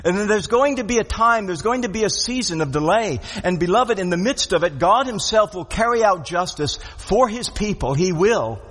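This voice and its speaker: A man's voice: high-pitched, animated, normal speed, hardly any pauses, fairly bright tone. A man preaching a sermon, earnest and repetitive, asking rhetorical questions and pressing each point home. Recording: long hall reverb.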